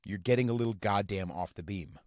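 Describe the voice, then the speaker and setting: A man hosting a podcast from inside his car, ranting casually and profanely in a halting, rambling way full of fillers. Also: lowish voice, darkish tone, no echo, studio quality. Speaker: podcast host. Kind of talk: casual rant.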